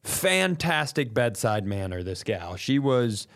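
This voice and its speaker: A man's voice: mid-range voice, takes it slowly. A middle-aged man with a cough, telling a comic story in casual podcast chat and acting out what people said. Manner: animated, breaks into laughter, acts out quotes. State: sick with a cough. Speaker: podcast co-host.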